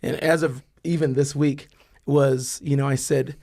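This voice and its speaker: A man hosting an interview podcast, speaking in a measured, reflective way with frequent ums and uhs. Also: medium pitch, steady tone, dark tone. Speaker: podcast host. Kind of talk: conversational interview.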